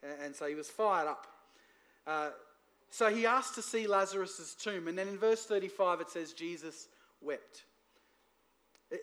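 High-voiced man preaching a lively sermon. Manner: lively preaching, asks the congregation for responses. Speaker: pastor. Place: church.

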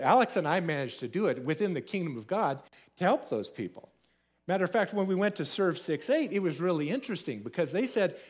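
Lively, storytelling male pastor. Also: fairly high pitch. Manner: conversational storytelling, acts out quoted voices. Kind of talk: sermon.

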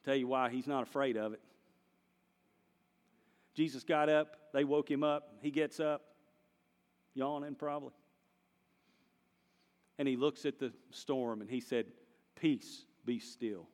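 A man preaching a sermon, swinging between hushed and loud passages. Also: medium pitch, steady tone, a little slow, pauses often, big-room sound. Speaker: pastor.

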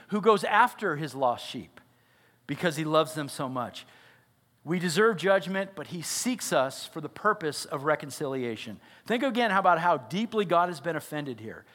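Delivering an earnest sermon, this pastor, himself a grown father, keeps turning to the congregation with questions. He speaks on the high side, with a fairly bright tone.

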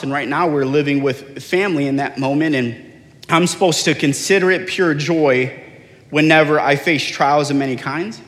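A middle-aged man preaching from the pulpit, his voice sitting a touch high for a man. He tells stories with lively, acted-out dialogue, and his words ring out with a long echo through a large church hall. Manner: animated storyteller, acts out quoted dialogue. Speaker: pastor. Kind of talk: sermon with personal stories.

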